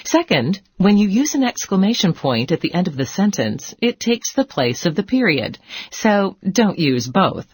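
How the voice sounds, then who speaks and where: A woman's voice: on the low side, big pitch swings, moderate pace, breathy edge, dry recording. A woman playing a teacher in a scripted educational dialogue, patient and encouraging.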